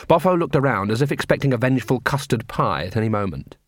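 A man narrating a comic novel in an even storytelling read. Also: on the low side, a little fast, few pauses, dry recording, studio quality. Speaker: audiobook narrator. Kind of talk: scripted narration.

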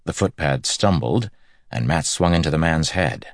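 A man narrating a story in an audiobook, with steady, measured storytelling. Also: extremely low pitch, dry recording, studio quality. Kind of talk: scripted narration.

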